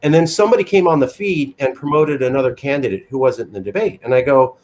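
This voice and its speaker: A man's voice: mid-range voice, quick pace, hardly any pauses, a little mellow. Chatty joking male interview host. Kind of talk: casual interview chat.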